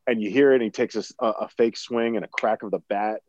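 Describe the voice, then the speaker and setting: A man in casual chat, telling stories in an animated way, laughing often and swearing freely. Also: on the low side, quick pace, dry recording. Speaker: podcast co-host discussing a film. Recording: dry, slightly dull recording.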